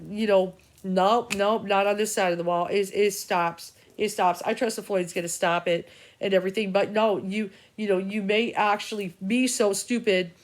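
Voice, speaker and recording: A middle-aged woman talks straight to camera as an intuitive reader. Her voice sits at an ordinary middle pitch. She jumps from thought to thought with cursing and exasperated asides. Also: steady tone, moderate pace. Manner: agitated, profane, stream-of-consciousness. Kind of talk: rambling spiritual vlog rant.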